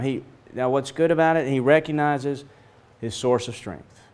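A middle-aged man teaching a Bible lesson in a lively storytelling way, acting out the voices of the people in the story. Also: normal speed. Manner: storytelling, acts out voices with big pitch swings.

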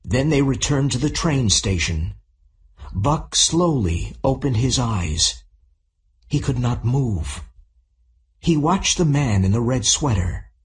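A man narrating a simple audiobook for English learners, reading clearly and deliberately. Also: medium pitch, animated.

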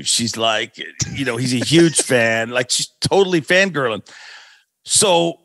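A middle-aged man hosting a podcast, telling an animated story with laughs as he talks. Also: medium pitch, unhurried, no echo. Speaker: podcast host. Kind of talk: casual storytelling chat.

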